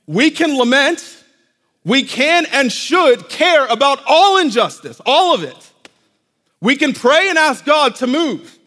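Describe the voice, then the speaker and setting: A man's voice: high voice, a bit bright. A man preaching a sermon in a church, talking to the congregation directly in a conversational way. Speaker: pastor. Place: church sanctuary. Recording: long reverb of a church hall.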